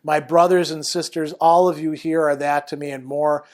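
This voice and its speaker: Young arrogant warrior read aloud by a man; declamatory, slightly high. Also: steady tone, normal speed, darkish tone, natural voice. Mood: grandiose.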